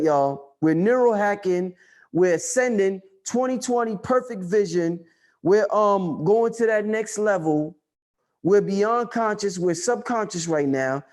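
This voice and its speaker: Male livestream host, high voice, forceful preaching rant. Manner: loud, emphatic, profane preaching; reads and answers viewer chat.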